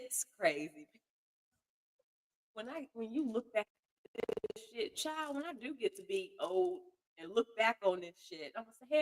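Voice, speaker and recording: A woman's voice: a little high, sing-song, moderate pace, poor audio. A woman vlogging casually at home, chatting to her cat and the camera with offhand swearing.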